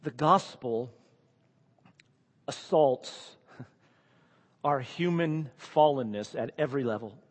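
A man preaching a sermon with earnest emphasis, often dropping to a quiet, hushed delivery. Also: medium pitch, takes it slowly, long pauses, in a large hall. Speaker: pastor.

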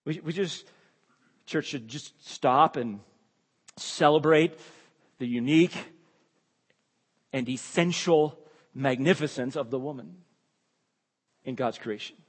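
A man's voice: medium pitch, slow, pauses often, slightly rough, long reverb tail. A man preaching an expository sermon, emphatic and repeating key phrases, his voice rising when he exclaims.

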